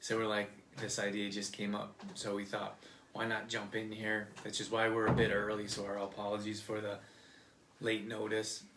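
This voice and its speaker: A man's voice: fairly low pitch, monotone, moderate pace, reverberant, noisy background. A man co-hosting a live nutrition show, explaining things in a loose, rambling way with many restarts. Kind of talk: casual live-stream chat.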